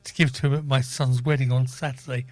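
A middle-aged man co-presenting a radio show, easygoing and matter-of-fact as he tells stories. His voice is plain and mid-pitched. He is heard close on a dry studio mic. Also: little pitch movement, fast, no room sound. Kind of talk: casual radio banter.

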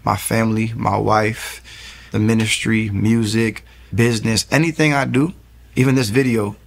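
A young pastor in his thirties, appearing as an interview guest, gives an earnest faith testimony through storytelling, often restarting sentences. His voice is medium-pitched with a fairly bright tone.

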